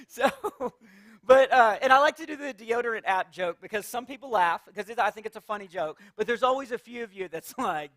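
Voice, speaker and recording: This comedian's voice is extremely high, fairly bright in tone, and delivered at a normal speed. He's performing stand-up in a church, laughing at his own jokes as he acts out characters and tells lively stories to an audience that laughs along.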